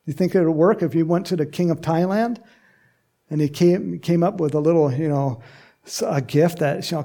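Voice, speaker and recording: A man's voice: on the high side, vocal fry, mellow. A man preaching a conversational sermon as pastor, talking directly to the congregation and acting out little voices to make his points.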